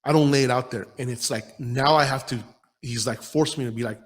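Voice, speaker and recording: A man's voice: medium pitch, steady tone, fairly quick. Blunt, profane man in his forties. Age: 40s. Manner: blunt, profane, rambling and intense. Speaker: podcast host and gym owner. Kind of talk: casual motivational monologue.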